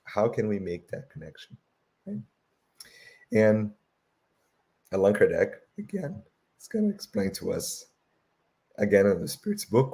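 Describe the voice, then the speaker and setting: A man giving a lecture with slides, tagging "right?" onto almost every phrase, with a voice that is going and frequent throat-clearing. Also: lowish voice, dark tone. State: losing his voice, clears throat often.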